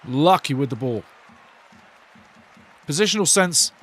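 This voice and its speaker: A man giving excitable, chatty live football commentary as host of a fan watch-along. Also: on the high side, moderate pace, pauses often, breathy edge.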